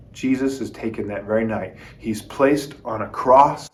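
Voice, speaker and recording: A man teaching a children's Bible lesson as a lively story, talking straight to the kids and acting out the quotes. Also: medium pitch. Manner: lively, addresses kids as "guys", acts out quotes.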